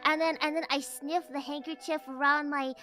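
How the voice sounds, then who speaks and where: Woman player, very high pitch, slow drawl, loud music behind. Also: little pitch movement. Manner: theatrical, insult-spewing, slow drawl. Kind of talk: in-character role-play.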